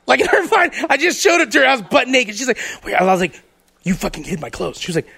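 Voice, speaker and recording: Podcast co-host, male, high voice with gravelly fry, rapid profane storytelling. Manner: profane, animated storytelling with acted-out quotes. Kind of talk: casual storytelling chat.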